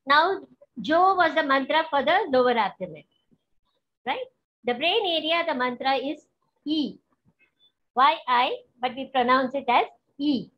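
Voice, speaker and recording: A woman leads a guided healing practice at a slow, unhurried pace. Her voice sits high, gentle and instructive, and she often checks that her listeners follow. The recording sounds dull and lo-fi. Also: expressive. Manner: gentle, instructive, asks for confirmation. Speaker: spiritual teacher.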